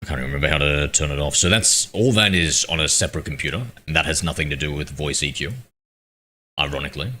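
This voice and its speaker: A man's voice: extremely low pitch, fast talker, pushed and bright, a little hiss or hum. A man live-streaming a game, chatting casually with his viewers in a rambling, self-deprecating way and reading their messages aloud. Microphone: streaming mic with noise suppression filter.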